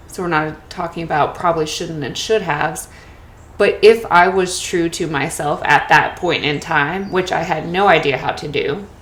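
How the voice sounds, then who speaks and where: A young adult woman hosting a casual solo podcast, talking candidly and often tagging her thoughts with "right?" and a bit of swearing. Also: lowish voice. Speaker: podcast host. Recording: echoey room with faint noise.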